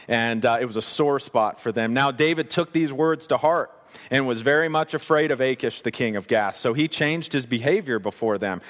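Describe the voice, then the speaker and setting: Animated preacher in a reverberant hall. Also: male voice, mid-range voice. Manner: animated, conversational preaching with playful asides. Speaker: pastor. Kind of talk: sermon.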